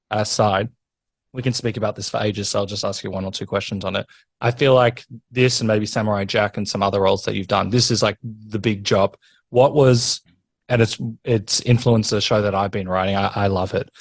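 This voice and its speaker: Podcast host guy, rambly and excited, laughing through his questions, dead dry room. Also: fairly low pitch, moderate pace, no echo. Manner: eager, rambling, laughs often. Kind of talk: interview chat.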